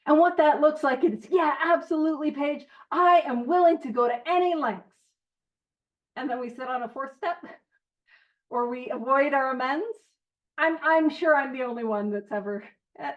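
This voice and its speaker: A woman's voice: high voice, lo-fi sound. A woman hosting a recovery book study in casual, earnest talk, chatty and self-deprecating, prone to tangents. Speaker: host leading a recovery literature study. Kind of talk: casual study-group talk with read-aloud passages.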